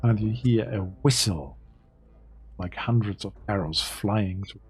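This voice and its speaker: A man whose first language is German, narrating as game master and pausing to check rules. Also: fairly low pitch, darkish tone, breathy edge. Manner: descriptive, stops to check rules.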